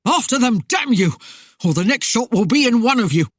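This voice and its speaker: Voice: medium pitch, big pitch swings, moderate pace, no room sound, clean studio sound, voice pushed up. The narrator of a storybook voicing a furious male outlaw leader who bellows orders at his men.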